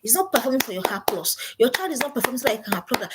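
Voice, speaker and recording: A woman's voice: fairly high pitch, sing-song, fast, few pauses, a little hiss or hum. A middle-aged woman, a parenting coach, gives an emphatic seminar talk and repeats her key points as commands.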